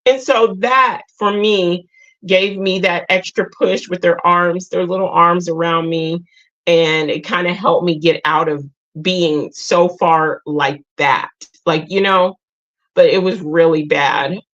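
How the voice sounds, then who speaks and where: A woman hosting a live group talk, sharing her own story in a halting, emotional way and often repeating or restarting her words. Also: lowish voice, steady tone, a bit bright, muffled recording. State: tearful at times. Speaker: host.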